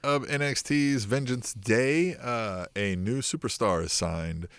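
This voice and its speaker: A man co-hosting a casual wrestling review podcast, relaxed and hesitant with ums, now and then bursting into excited quotes. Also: mid-range voice, slow pace, smooth, no echo. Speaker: podcast co-host.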